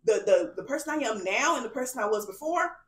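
A woman's voice: a little high, animated, fast talker, fairly bright tone. A young adult woman hosting her own podcast, talking candidly and emphatically to listeners, checking in with "okay?" and "y'all" as she confides her story. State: tearful at moments. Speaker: podcast host. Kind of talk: candid solo podcast monologue. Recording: roomy echo.

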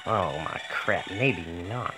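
A man's voice: deep voice, animated, takes it slowly, background noise. A man casually commenting on a video game, joking, swearing and talking back to the game. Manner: joking, profane, talks to the game.

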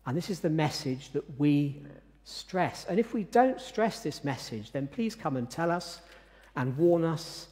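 A man preaching a sermon in a measured, emphatic way, pausing often to stress his words. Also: a little high, animated, a little mellow. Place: church. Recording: reverberant church sanctuary.

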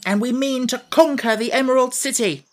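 Man doing a fierce, impatient girl general, high and commanding. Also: steady tone, fairly quick. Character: fierce, determined young woman rebel general.

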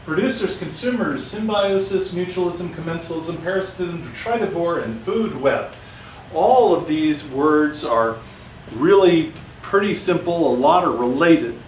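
A man's voice: a little high, animated, unhurried. A man teaching a seventh grade science lesson to his class in an encouraging, chatty way. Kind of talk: recorded video lesson. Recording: echoey room, mic far off, faint hiss.

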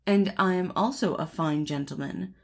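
A woman voicing a vain, boastful male shirt collar in a storybook, speaking with pompous, gushing flattery. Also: on the low side, normal speed, gravelly.

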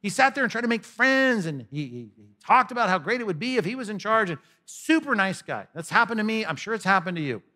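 A man's voice: high voice, big pitch swings, fast talker, hardly any pauses, sharp tone. A man preaching a sermon in a conversational style, with humorous asides. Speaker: pastor.

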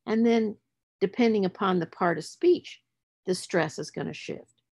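A woman's voice: mid-range voice, measured pace, gravelly, a little mellow, husky. A woman teaching a literacy session, explaining word parts and spelling letters out as she goes. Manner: explanatory, spells out letters, stresses words for emphasis. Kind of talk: presenting a lecture on word structure.

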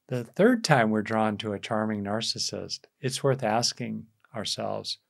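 A man's voice: lowish voice, expressive, unhurried, creaky, few pauses. A man teaching on a live video call, reflective and conversational, with frequent fillers and restarts. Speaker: meditation teacher hosting a Q&A. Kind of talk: live online talk with questions.

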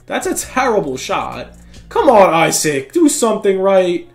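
A young man talks over his video game as he plays, excitable and often frustrated, tossing out slang. His voice sits a bit high for a man, and faint music plays behind him. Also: a little slow, creaky. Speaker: gaming YouTuber. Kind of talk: live gameplay commentary.

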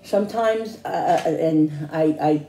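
A woman's voice: sits low, slow, warm tone, slight background noise. A woman chatting casually in a home cooking vlog, rambling with restarts and tasting hums. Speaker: cooking vlogger. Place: home kitchen. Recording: echoey kitchen with dish clatter.

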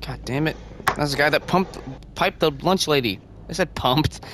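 A man's voice: a little high, normal speed, background noise. A man playing a co-op game with a friend, teasing him, swearing and laughing a lot. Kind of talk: casual co-op gameplay chat.

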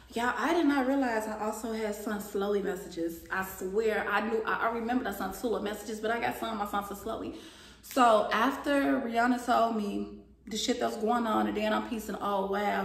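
A young woman telling a story from her workplace to her viewers, animated and blunt, swearing freely. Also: a little high, gravelly. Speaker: vlogger. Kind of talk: casual storytime chat. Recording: echoey room.

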